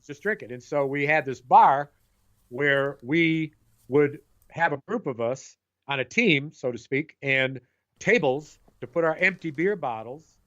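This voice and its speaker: Middle-aged male podcast co-host, lively storyteller, bright tense tone, muffled lo-fi sound. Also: a little high, unhurried. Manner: animated storyteller, acts out voices. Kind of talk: casual chat. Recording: dull lo-fi sound.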